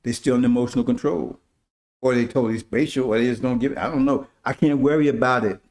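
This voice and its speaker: A man's voice: medium pitch, fairly even intonation, fast talker, a little mellow. A man preaching informally to his followers, talking emphatically in casual street slang and often asking "See?". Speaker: religious teacher.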